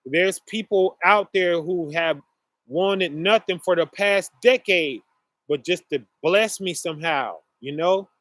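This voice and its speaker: Slow-talking man chatting to viewers. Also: high-pitched, a bit bright, dry recording. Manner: slow, rambling, many fillers, addresses audience as y'all. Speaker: online show host. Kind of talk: casual monologue to viewers.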